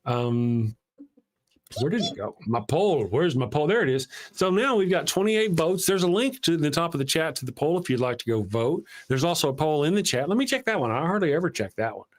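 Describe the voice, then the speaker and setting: A man's voice: a little high, sing-song, brisk. A man co-hosting a live atheist talk stream, rambling casually and reading viewer comments aloud. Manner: rambling, self-deprecating, reads viewer super chats aloud.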